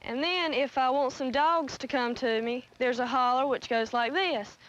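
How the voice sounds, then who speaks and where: Young woman, bit high voice, plain explaining, muffled old film with hiss. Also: normal speed. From North Carolina. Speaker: hollering contestant. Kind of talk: documentary interview.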